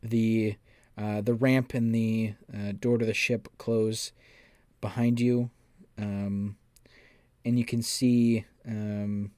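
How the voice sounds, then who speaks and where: A man narrating a tabletop role-playing game as game master, describing scenes to the players in a measured second-person voice. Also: fairly low pitch, flat delivery, a little mellow, clean tone, no echo, studio quality.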